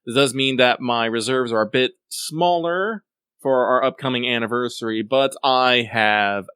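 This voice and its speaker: A man's voice: mid-range voice, a little slow, fairly bright tone, clear, resonant tone, no echo, studio quality. A man co-hosting a casual podcast chat, making wry, self-mocking remarks. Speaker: podcast co-host.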